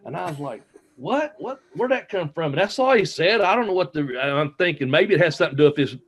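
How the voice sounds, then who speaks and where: A man's voice: fairly high pitch, expressive, quick pace, fairly bright tone, breathy edge. Rambling man telling road stories. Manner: rambling, full of fillers and restarts; laughs at his own stories. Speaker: interview guest, retired wrestler. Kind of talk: casual storytelling.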